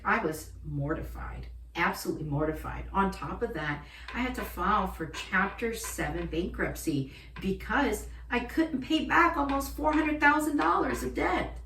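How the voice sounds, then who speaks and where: A woman's voice: on the low side, normal speed, a bit bright, far from the mic, slight background noise. A woman in her thirties from Florida, a shaman, tells her own story candidly and emotionally, with frequent swearing. She sits back from the mic in a roomy space with a noticeable echo. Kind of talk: personal storytelling vlog.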